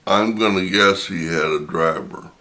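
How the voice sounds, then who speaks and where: A middle-aged man, slowly telling a personal anecdote in a casual, drawn-out way. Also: deep voice, sharp tone. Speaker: storyteller.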